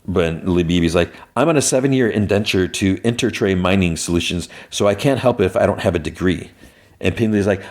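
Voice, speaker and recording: A man with a low, deep voice recaps a show's episode in a loose, chatty way. He slips into quick, lightly acted versions of the characters' lines, often jumping higher for excited or alarmed quotes. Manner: animated retelling, lightly acting each character's lines. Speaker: podcast host.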